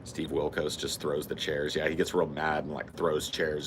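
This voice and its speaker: A man's voice: a bass voice, moderate pace, a little hiss or hum. A man co-hosting a podcast, telling stories with lots of swearing, laughter and voice impressions. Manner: animated storytelling, mimics voices, laughs often, swears freely. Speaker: podcast co-host. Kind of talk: casual comedic chat.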